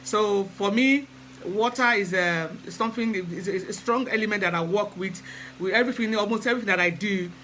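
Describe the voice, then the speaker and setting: Man, high and sharply bright voice, relaxed hesitant live-stream host who chats with viewers. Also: brisk, slight background noise, rough recording. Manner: chatty, hesitant, greets viewers by name. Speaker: spiritual practitioner hosting a live stream. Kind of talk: casual live-stream talk. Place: lives in England.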